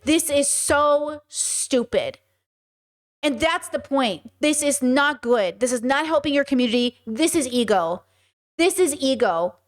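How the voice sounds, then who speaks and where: A young woman streams her reactions, talking bluntly and with open exasperation. Her voice sits high, and she swears freely as she reacts. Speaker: commentary streamer. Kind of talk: reaction commentary to protest footage.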